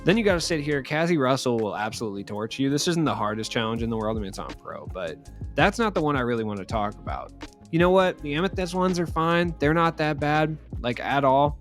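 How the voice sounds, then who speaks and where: A man's voice: medium pitch, lively intonation, fairly quick, soft background music. A young man giving casual, rambling commentary over a video game, joking and trailing off into asides. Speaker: gaming YouTuber.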